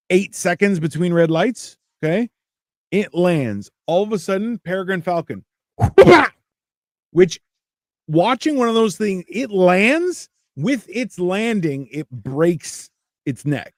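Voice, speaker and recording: Dry-sounding man telling animated stories. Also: high-pitched, no room sound. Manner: animated anecdotes with acted-out quotes. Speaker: podcast host. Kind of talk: casual chat. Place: Toronto area.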